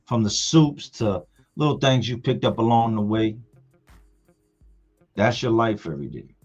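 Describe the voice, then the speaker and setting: A lowish, husky man's voice tells animated, slangy stories live, acting out the people in them. The sound is dull and lo-fi, with faint music playing underneath. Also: measured pace. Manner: animated storyteller, slangy, acts out others' lines. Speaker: livestream host. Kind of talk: casual storytelling on a livestream.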